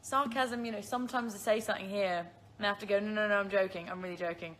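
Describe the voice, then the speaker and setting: A woman's voice: medium pitch, fairly even intonation, fast talker, fairly bright tone. A woman in her twenties with a British accent, chatting casually on a phone livestream, answering viewer questions and laughing often at herself. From Isle of Man.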